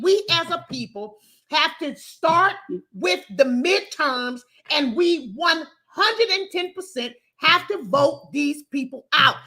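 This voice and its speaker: Woman host on a call-in stream, high bright voice, folksy, emphatic. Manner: emphatic, folksy, repeats words when heated. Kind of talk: casual livestream talk show.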